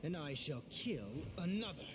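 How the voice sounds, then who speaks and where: A grim knight from a game, cold and slow, loud music under it. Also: male voice, on the high side, big pitch swings. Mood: cold menace. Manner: cold, measured, menacing.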